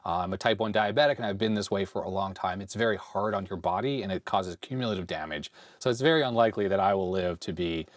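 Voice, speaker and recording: A man in his forties with a slightly hoarse voice from a cold, casually thinking aloud as he tinkers with retro computer hardware. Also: low voice, fast, hardly any pauses, no room sound. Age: 40s. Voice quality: slightly raspy. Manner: rambling, thinks aloud while handling hardware. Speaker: retro computer video host. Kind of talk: casual hands-on tech vlog. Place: home workbench.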